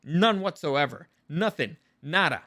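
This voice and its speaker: A man's voice: a little high, lively intonation, measured pace, bright, forceful tone, no room sound, studio quality. A man ranting through a review vlog, exasperated and sarcastic, swearing freely.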